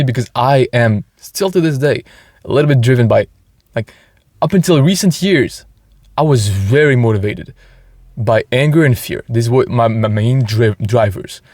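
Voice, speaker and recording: A man's voice: mid-range voice, a little fast, a little mellow, dry recording, studio quality. A man hosting a motivational podcast, talking earnestly and enthusiastically, with frequent restarts. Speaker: podcast host.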